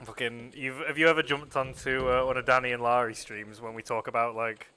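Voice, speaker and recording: A man's voice: mid-range voice, level tone, brisk, clear, resonant tone. A man co-hosting a game stream, bantering and laughing often. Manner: laughs often, shouts playful outbursts. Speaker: streamer co-host. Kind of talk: casual gaming stream banter.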